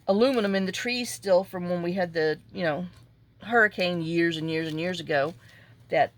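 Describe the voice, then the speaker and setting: A woman's voice: lowish voice, normal speed. A middle-aged woman, chatting casually while she crafts and retelling conversations at length. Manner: rambling storytelling, reenacting conversations. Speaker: junk journal crafter.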